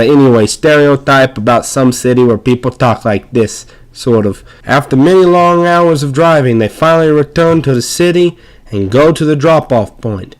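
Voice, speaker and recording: A man gives a joking voice-over for gameplay footage in a mid-range voice. He rambles along sarcastically and plays up fake excitement. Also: mid-range voice, normal speed. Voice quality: sarcastic, rambling, mock-hyped. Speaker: video narrator.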